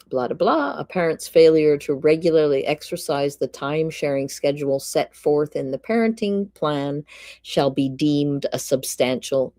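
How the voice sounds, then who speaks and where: A woman's voice: deep voice, a little mellow, dry recording. A woman reading a court ruling aloud on a live stream, stopping now and then to greet chat and drop dry quips. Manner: reads legal text aloud, breaks off to greet chat and make dry quips. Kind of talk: live-stream read-through with asides to chat.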